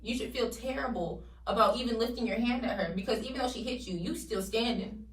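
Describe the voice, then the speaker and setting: Animated woman in casual debate. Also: a little high, brisk. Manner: animated, laughs often, talks over others. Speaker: co-host. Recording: echoey room, mic at a distance.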